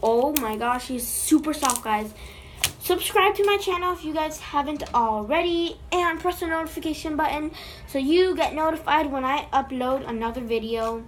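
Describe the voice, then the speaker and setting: A woman's voice: high voice, normal speed, slight background noise. A woman making a slime vlog, playfully chatting to the slime as if it were alive, recorded on a phone. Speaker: slime video creator.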